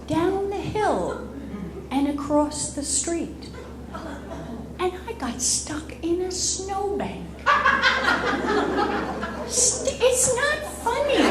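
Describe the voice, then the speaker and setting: Animated woman telling funny stories. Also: very high voice. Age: 50s. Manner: animated comic storytelling, often laughing. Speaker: motivational speaker. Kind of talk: humorous speech to an audience. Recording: echoey hall with background noise.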